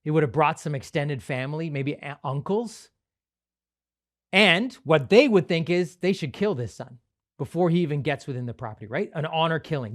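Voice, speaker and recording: A man pastor telling a story in a sermon, animated, with frequent light laughs. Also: on the high side, normal speed. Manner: animated, laughs often, acts out quotes.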